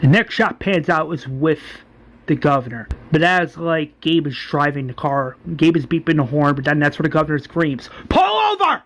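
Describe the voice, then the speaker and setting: A man's voice: fairly high pitch, normal speed. A man casually recapping an episode, rambling and acting out the characters as he goes. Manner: rambling, restarts, acts out characters. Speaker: fan series creator.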